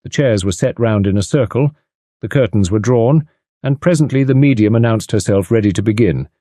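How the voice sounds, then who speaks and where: A man narrating an audiobook in an expressive reading style. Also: fairly low pitch, a little fast, no echo. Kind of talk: scripted narration. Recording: dry close studio sound.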